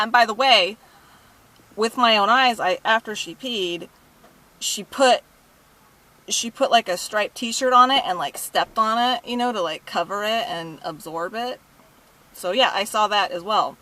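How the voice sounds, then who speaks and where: A young woman with a high, bright voice rants about a customer at her thrift store job. She swears constantly and tells the story in an indignant, animated way. She talks in a casual vlog style. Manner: profane, indignant, animated retelling.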